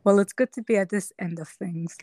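A woman's voice: medium pitch, fairly quick, no echo. Reflective woman telling her story. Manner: reflective, emotional, animated storytelling. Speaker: podcast guest. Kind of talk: personal storytelling interview.

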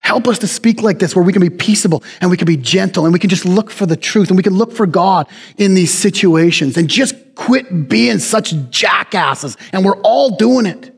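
A man preaches in a relaxed, folksy way and pokes fun at himself. His voice sits high. The sound rings with long reverb from a large hall. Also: moderate pace, gravelly, hardly any pauses, breathy edge. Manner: conversational preaching, folksy, self-deprecating. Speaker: pastor. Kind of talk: sermon.

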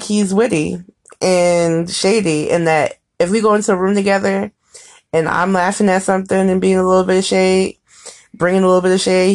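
A woman in her thirties chatting casually with her partner, telling stories in an animated, playful way. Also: lowish voice. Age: 30s. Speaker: podcast co-host. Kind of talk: casual chat.

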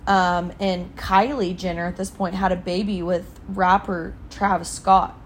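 A woman's voice: fairly low pitch, level tone, a little slow, a little hiss or hum. Chatty young woman telling gossip. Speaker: podcast co-host. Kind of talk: casual chat.

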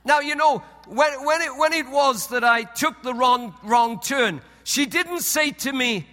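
High, bright-voiced preacher in a reverberant hall. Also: male voice, lively intonation, a little slow, hardly any pauses. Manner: storytelling, repeats words, drops low and soft for solemn points. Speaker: pastor. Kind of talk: sermon. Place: church hall.

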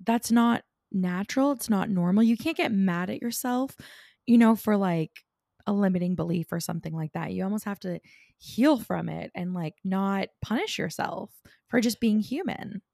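A woman's voice: mid-range voice, normal speed, gravelly, warm tone, no room sound, clean studio sound. A woman from France hosting a podcast, chatting casually and emphatically with lots of fillers. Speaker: podcast host. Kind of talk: casual interview chat.

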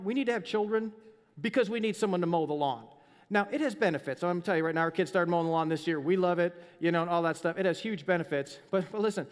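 A middle-aged male pastor with a notably high voice delivers a casual, conversational sermon. He slips into little acted-out voices as he tells the story. His voice rings with a long reverb from the church sanctuary. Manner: conversational, acts out scenes with voices.

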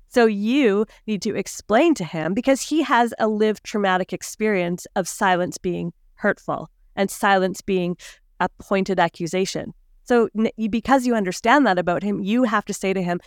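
A woman's voice: medium pitch, normal speed, clean tone, no echo, studio quality. A woman guest on a podcast, speaking confidently and emphatically, giving advice. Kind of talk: casual podcast conversation.

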